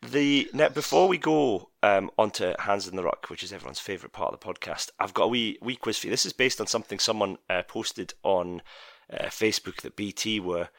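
A man's voice: lowish voice, lively intonation, fairly quick, vocal fry, few pauses, a bit bright, dry recording, studio quality. A Scottish man hosting a rugby podcast in casual chat, jokey and leading a quiz. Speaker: podcast host.

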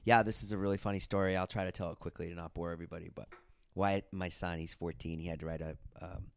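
A man's voice: low-pitched, fairly even intonation, quick pace, vocal fry, clean tone. A man in his forties hosting a podcast, telling stories animatedly and swearing freely. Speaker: podcast host. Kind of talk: casual chat.

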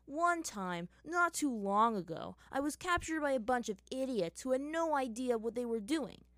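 A woman's voice: mid-range voice, sing-song, a little slow, fairly bright tone, dry recording. A woman doing Sokka, a sarcastic captive teen. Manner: sarcastic, mocking. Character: sarcastic captive teenage boy, mocking.

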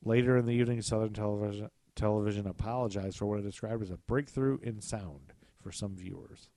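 A man's voice: on the low side, quick pace, warm tone, no echo. A man co-hosting a podcast, chatting casually and animatedly, swearing freely and trailing off with fillers. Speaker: podcast co-host. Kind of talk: casual chat.

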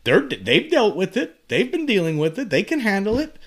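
A man's voice: high-pitched, huge pitch swings, normal speed. A man in his fifties talking on his own, rambling and impassioned, often repeating words and restarting sentences as he builds to urgent appeals. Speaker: channel host. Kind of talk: monologue to camera.

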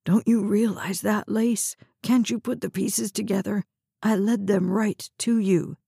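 A woman reading the part of a bitter, injured young man in a hospital bed, with a gravelly, curt voice. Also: medium pitch, fairly even intonation, measured pace, dark tone, no room sound, clean studio sound. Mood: harsh.

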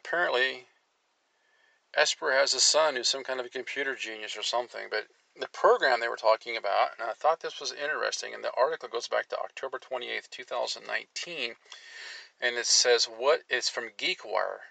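A man with a gravelly, creaky voice and a tense, sharp edge, hosting a commentary show. He reads articles aloud and keeps interrupting them with sarcastic remarks, his pitch leaping when he gets worked up. The recording is dry and close. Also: dry recording, low-quality recording. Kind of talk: opinionated political commentary, reading articles aloud.

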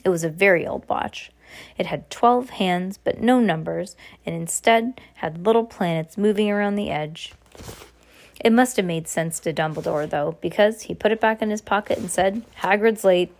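A woman reads a novel aloud at a steady pace. Her voice sits a little low for a woman. She restarts a word now and then. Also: normal speed. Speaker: reader.

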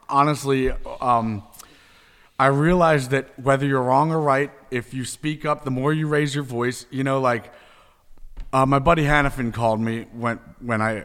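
A man's voice: mid-range voice, smooth. A man telling wild stories in a casual chat, laughing and acting out the people he quotes. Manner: laughing, animated, acts out quoted voices. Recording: hall reverb.

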